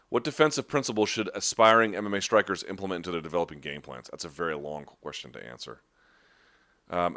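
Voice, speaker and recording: Chatty low-voiced male podcast host. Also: a bit bright. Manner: rambling, conversational, restarts and asides. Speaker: podcast host answering live chat. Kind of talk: casual live-chat talk.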